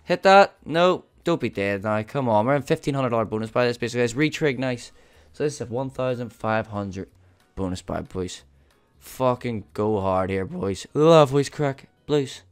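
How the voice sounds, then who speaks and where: An excitable man narrates his slot spins live for his viewers, swearing freely and calling out to "the boys". His voice is smooth and clear, in an ordinary middle register, with faint music playing underneath. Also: mid-range voice, moderate pace. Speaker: gambling streamer. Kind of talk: live slot-play commentary.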